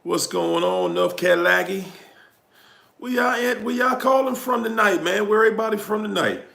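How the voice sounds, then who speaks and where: Sitting high with vocal fry and a slightly bright tone, the voice of a Washington DC-accented livestream host moves at a moderate pace. He greets viewers by where they tune in from and stretches his hype, with music behind him in an echoey room.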